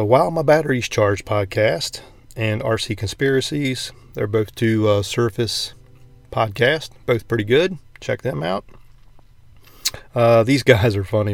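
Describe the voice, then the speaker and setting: A man's voice: lowish voice, creaky, no echo. A man hosting a casual solo podcast from inside his parked truck, rambling and laid-back with lots of fillers. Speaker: podcast host.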